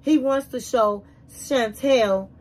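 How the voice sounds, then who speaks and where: A woman with a high-pitched voice runs through a reality TV recap as a YouTube reviewer. She tells it like a story, animated and conversational, and puts her own opinions in freely. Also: slow pace, rough recording. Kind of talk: casual episode recap commentary.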